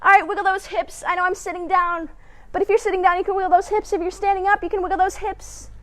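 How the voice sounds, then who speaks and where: Super high-pitched woman doing kids story time, playful and encouraging, hums little boops and doos. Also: flat delivery, fast talker, a bit bright. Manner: playful, encouraging, talks straight to young kids; hums little sound effects and laughs between cues. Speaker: family educator hosting story time. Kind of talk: children's story time and movement exercises.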